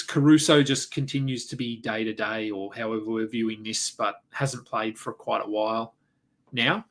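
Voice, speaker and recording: Man hosting a solo fantasy basketball podcast. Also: medium pitch. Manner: conversational, thinks aloud with fillers and self-corrections.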